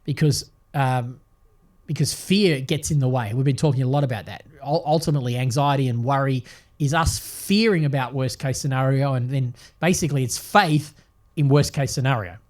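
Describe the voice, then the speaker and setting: An older man hosting a devotional podcast, talking in an earnest, reflective way with gentle restarts. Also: mid-range voice, normal speed. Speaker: podcast host and Bible teacher.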